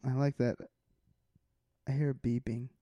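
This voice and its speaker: A man's voice: mid-range voice, flat delivery, a little slow, warm tone, dry recording, dull audio. A man co-hosting a podcast, laughing often in playful casual banter. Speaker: podcast co-host. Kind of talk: casual chat.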